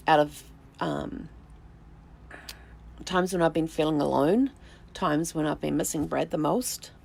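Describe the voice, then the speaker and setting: A middle-aged woman with a low, gravelly voice speaks straight to her viewers. She recalls a personal story slowly and reflectively, often stopping to restart a sentence or fill a pause with a soft "um.". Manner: reflective, unhurried, with halting restarts and soft fillers. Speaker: vlog host, family tree researcher.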